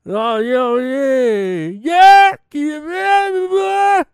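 A man putting on a mock singing impression of a male singer, wailing in a high falsetto with cracking cries. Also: drawn-out words, no room sound, studio quality, full character voice. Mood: mock crooning. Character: male singer crooning, warbling falsetto parody.

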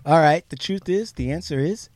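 A man co-hosting a podcast, telling a profane, animated story in casual chat. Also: a little high, normal speed. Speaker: podcast co-host.

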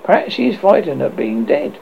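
A reader voicing a boastful boy leader in a storybook, crying his lines out high in a dull lo-fi recording. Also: sing-song, brisk, creaky, a little hiss or hum. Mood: troubled. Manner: cries out lines high and proud.

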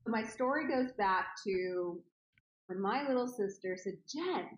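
A woman's voice: medium pitch, measured pace, a little hiss or hum. A woman telling a story to camera in an earnest, explaining manner, played as a clip. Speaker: video creator in a clip. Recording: echoey room, dull lo-fi clip audio.

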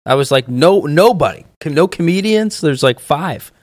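A man's voice: fairly high pitch, lively intonation, moderate pace, no echo. A man who is a comedian guest, talking in a brash, profane, joking way in casual podcast chat. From based in New York.

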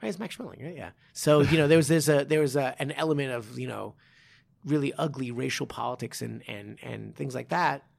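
A martial arts coach co-hosts a casual podcast, rambling with plenty of restarts and fillers and laughing easily and often. He has a mid-range voice, talks fairly quickly, and shows vocal fry.

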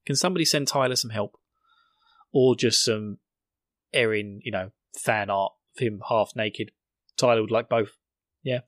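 A man's voice: on the low side, moderate pace, long pauses, no echo. Sarcastic British man, dry sound. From Britain. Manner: sarcastic, jokey and rambling. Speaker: podcast host. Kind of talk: casual episode recap.

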